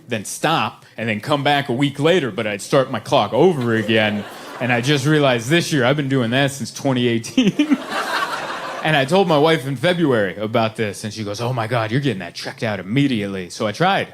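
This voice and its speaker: A man doing a stand-up comedy set with deadpan, self-deprecating storytelling, live in a comedy club. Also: mid-range voice, slight background noise.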